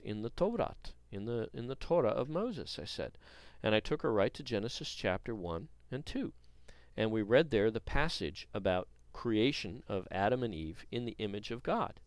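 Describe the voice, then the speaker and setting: A man's voice: medium pitch, no room sound. A man teaching a Bible lesson, telling a story in an earnest way with frequent hesitations.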